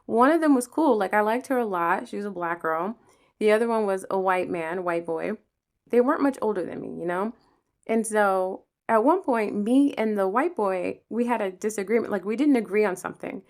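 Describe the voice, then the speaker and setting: Animated, profane woman telling stories. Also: medium pitch, moderate pace. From Pennsylvania, USA. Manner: animated, profane, acts out the people in her stories. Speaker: podcast host. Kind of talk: casual storytelling monologue.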